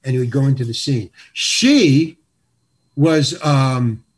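A man's voice: mid-range voice, slow pace, slightly rough. An older man and comedian, a guest telling rambling show-business anecdotes in a wry, self-interrupting way. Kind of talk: anecdotal storytelling.

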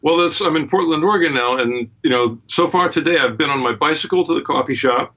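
A man's voice: a little high, fairly quick, sharp tone, highs cut off. A man, a guitarist being interviewed from his home studio, telling stories in a laid-back, wry way. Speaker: guitarist and guest. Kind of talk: relaxed interview chat.

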